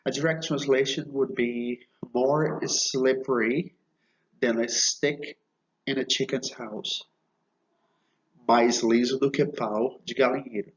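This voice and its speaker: A man teaching idioms in a video lesson, speaking slowly and explaining patiently. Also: mid-range voice, fairly even intonation, muffled recording. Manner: slow, explanatory, repeats phrases and checks with "okay?". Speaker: Portuguese teacher.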